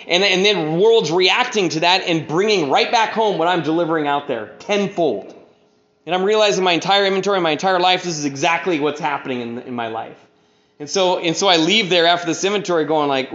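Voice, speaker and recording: A man's voice: high voice, a bit bright. Man, casual storyteller, rambling and full of fillers, in an echoey room. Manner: rambling, heavy on "you know", acts out quoted people. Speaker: speaker sharing his recovery story. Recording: echoey room, dull lo-fi sound.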